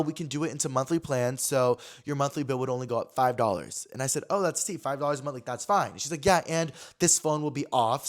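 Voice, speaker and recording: Young guy ranting fast about a phone store trip, super animated, swears a ton, does everyone's voices. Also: mid-range voice. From California. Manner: animated, swears a lot, acts out quotes. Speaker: podcast host. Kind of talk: casual storytelling chat.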